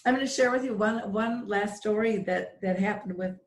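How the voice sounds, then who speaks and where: A woman's voice: medium pitch, normal speed, roomy sound, slight background noise. A middle-aged woman hosting a radio show, telling a heartfelt personal story and acting out the voices of the people in it. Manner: earnest, emotional storyteller with lively quoted voices.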